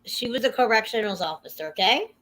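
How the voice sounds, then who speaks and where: Gossipy, excitable woman on a livestream. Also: on the high side, fast. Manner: gossipy, excitable, swears freely, addresses viewers. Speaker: livestream host. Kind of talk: casual chat.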